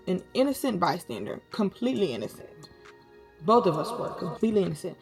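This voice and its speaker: A young woman vlogger telling a story in a slangy, animated way, full of dramatic asides. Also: on the low side, fast, vocal fry, soft background music. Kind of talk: storytime vlog.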